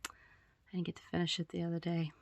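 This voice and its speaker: Low-voiced woman reading her story casually. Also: completely flat delivery, fairly quick, no echo. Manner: chatty, giggly, with throat-clearing asides. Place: room at home with poster backdrop.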